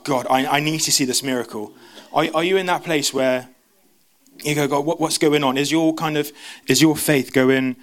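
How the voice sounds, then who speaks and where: Man, church preacher, rapid stumbling delivery, casual asides. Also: mid-range voice, fairly bright tone. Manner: fast, stumbling, self-interrupting. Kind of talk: sermon.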